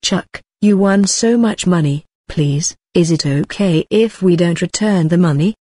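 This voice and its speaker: A woman's voice: fairly low pitch, measured pace, mellow, slightly rough, dry recording, clean studio sound. A woman reading frightened young girls begging. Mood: frightened pleading. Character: two frightened nineteen-year-old girls begging.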